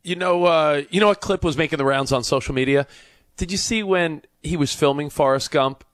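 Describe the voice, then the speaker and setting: Earnest radio co-host, light voice. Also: male voice, a little high, fairly quick, a bit bright, dry recording. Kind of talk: casual radio chat.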